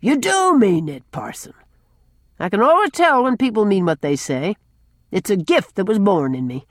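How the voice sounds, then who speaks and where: Brief: woman reading as a bold old man, gruff and needling, voice swings widely. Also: mid-range voice, big pitch swings, moderate pace, no echo, studio quality. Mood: bantering. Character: blunt loud older man who baits parsons.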